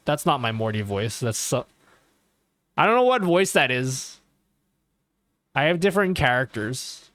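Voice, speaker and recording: A man's voice: medium pitch, big pitch swings, measured pace, long pauses, a bit bright, dry recording. A man chatting casually on a live stream, rambling, swearing and often checking in with his viewers. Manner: rambling and profane, keeps asking okay. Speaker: livestreamer.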